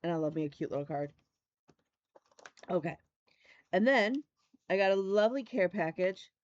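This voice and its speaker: This flosstube host, a middle-aged woman from Michigan, keeps her stitching-video chat casual, gushing and circling back to "love me a." She talks briskly in a lowish, darkish voice, with no room sound and a muffled recording.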